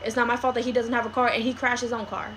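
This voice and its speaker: A woman's voice: fairly high pitch, little pitch movement, rapid-fire, fairly bright tone, a little hiss or hum, natural voice. A woman playing an exasperated grown daughter. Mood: frustrated. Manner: argumentative, sarcastic. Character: exasperated young adult daughter arguing with her mom. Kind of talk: skit role-play.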